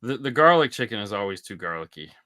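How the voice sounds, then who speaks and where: A man's voice: lowish voice, sing-song, fast, sharp tone, no room sound. A man co-hosting a casual podcast chat, telling long, profane, rambling stories. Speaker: podcast co-host.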